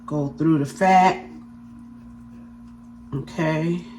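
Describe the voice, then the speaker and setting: A woman's voice: deep voice, steady tone, extremely slow, darkish tone, slight background noise. A woman hosting a casual cooking demonstration in her home kitchen, chatting and often checking in with her viewers. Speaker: cooking channel host.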